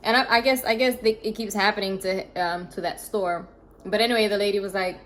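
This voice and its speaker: A woman telling a story to her viewers in a casual vlog, animated and chatty, talking to her phone camera in an emptied apartment. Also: mid-range voice, brisk, slight background noise. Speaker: vlogger. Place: apartment during a move. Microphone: phone camera propped up.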